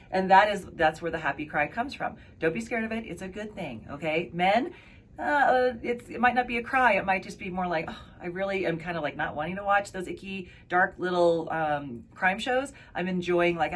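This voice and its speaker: A woman's voice: sits low, fairly bright tone, a little hiss or hum. A woman giving a casual health talk to camera, chatty and conversational, often checking in with "right?" and "okay?". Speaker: health practitioner.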